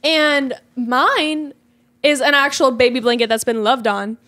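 A woman's voice: high-pitched, fairly even intonation, unhurried, bright, forceful tone. A woman co-hosting a podcast in casual chat, playful and teasing with her co-hosts. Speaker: podcast co-host.

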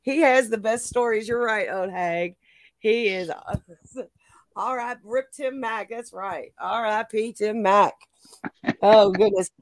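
A woman's voice: medium pitch, unhurried. A woman co-hosting a live chat, teasing her co-host and laughing often. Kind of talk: casual chat.

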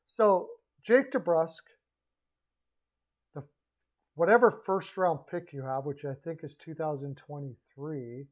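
Rambling hockey vlogger man, higher voice. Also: slow, long pauses, poor audio. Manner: rambling, self-correcting, animated asides. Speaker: hockey podcaster. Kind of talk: casual solo commentary.

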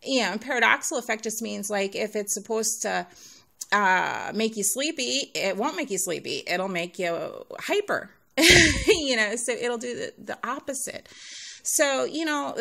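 A woman's voice: a little high, lively intonation, measured pace, vocal fry, bright, forceful tone. A middle-aged woman talking casually to her viewers, rambling, sighing often and laughing between points, audibly out of breath as she speaks. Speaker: YouTube nail artist. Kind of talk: casual talk to camera.

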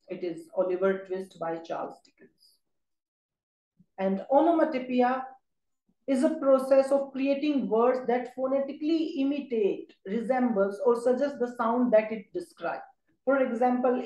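A woman giving a recorded exam-prep lecture, pausing often with "uh" fillers. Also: fairly high pitch, warm tone. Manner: halting, with many "uh" fillers. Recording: echoey room.

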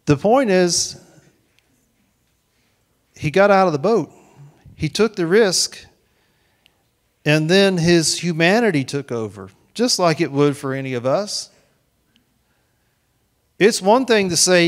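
A man delivering a church sermon with a voice pitched a little higher than most men. He preaches earnestly in a conversational way, repeating words and restarting phrases, and speaks reassuring lines as if in God's voice. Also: lively intonation, slow pace, long pauses. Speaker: pastor.

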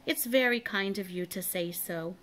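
A woman doing a gentle young dragon. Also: moderate pace, a little hiss or hum, natural voice. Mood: polite. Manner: exclaiming, swooping up in pitch. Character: young hungry male dragon, gentle and fretful. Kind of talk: storybook read-aloud.

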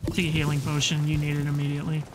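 A man playing a video game and commenting casually, excitable and swearing, taunting the enemies he fights. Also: a little high, rapid-fire, very noisy. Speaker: let's play host.

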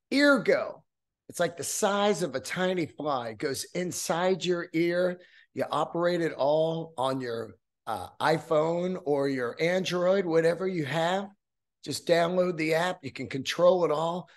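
A man's voice: a little high, unhurried. A man hosting his own podcast, talking in a loose, profane, rambling way with lots of asides into a studio mic. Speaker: podcast host. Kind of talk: casual solo podcast monologue.

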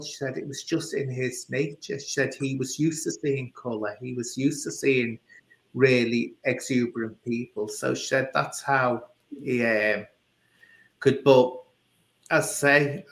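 Scouse host telling stories, mid pitch, echoey room. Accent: Liverpool. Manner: anecdotal, full of quoted speech. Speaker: interview host. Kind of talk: casual chat. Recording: roomy echo.

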